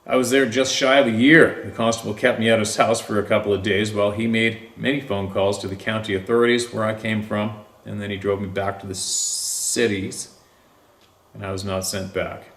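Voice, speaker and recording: A man reading a first-person encounter story aloud in a slow, deliberate way with drawn-out pauses. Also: fairly low pitch, little pitch movement, fairly bright tone, reverberant. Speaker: story narrator.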